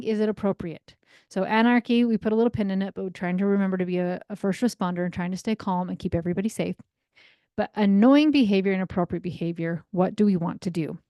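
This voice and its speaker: A woman's voice: mid-range voice, dry recording, clean studio sound. A woman in her thirties hosting a parenting podcast, talking energetically and casually as a coach. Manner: energetic, chatty, acts out quoted voices. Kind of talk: solo podcast teaching.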